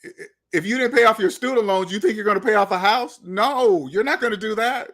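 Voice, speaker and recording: Blunt high-voiced man lecturing. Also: a little fast, fairly bright tone. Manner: blunt, lecturing, repeats himself. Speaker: finance commentator. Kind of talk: opinionated video commentary.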